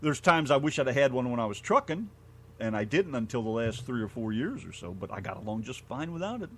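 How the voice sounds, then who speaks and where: A man from Ohio co-hosting a casual radio show, folksy and blunt, quick to laugh. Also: mid-range voice, big pitch swings, fairly bright tone, slight background noise. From Ohio, USA. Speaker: radio co-host.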